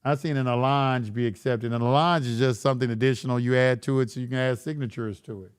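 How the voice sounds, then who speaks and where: A man's voice: medium pitch, fairly even intonation, fast talker, clean tone. A man hosting a live stream, reading chat questions and answering them in a blunt, lecturing way with casual slang, often repeating himself.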